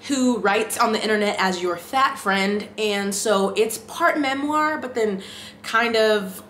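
A woman's voice: mid-range voice, takes it slowly, fairly bright tone, roomy sound, slight background noise. A young woman with a congested voice, chatting casually to camera about the books she read. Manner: chatty and self-deprecating. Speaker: booktube vlogger.

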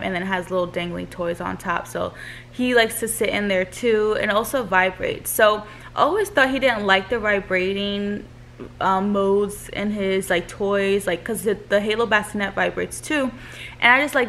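Young woman, vlogger, casual chat, middle pitch, faint background noise. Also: fairly bright tone. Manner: chatty, lots of "like" fillers. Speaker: vlogger, new mother.

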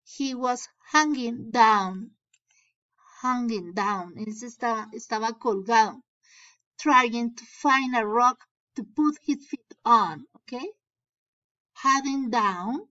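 A woman teacher reads a children's story aloud and translates the key words. She speaks slowly in a slightly high voice. The recording sounds dull and lo-fi, like a home lesson video. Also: pushed and bright. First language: Spanish. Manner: slow, explaining and translating into Spanish.

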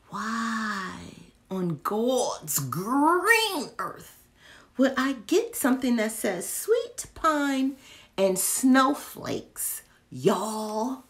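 A woman's voice: mid-range voice, big pitch swings, very slow. A young woman, chatting casually through a candle haul, playful and often dropping into whispers as she talks to herself. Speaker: vlogger reviewing candles. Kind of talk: casual haul video chat.

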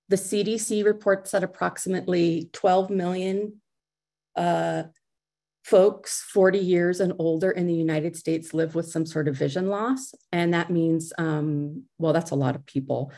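A woman's voice: lowish voice, steady tone, unhurried, dark tone. A middle-aged woman giving a conference talk over a video call, speaking conversationally with fillers and restarts.

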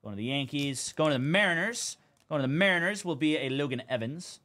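A man's voice: fairly high pitch, expressive, brisk, sharp tone. A young man hosting a live card break stream, chatting casually as he calls out cards and teams.

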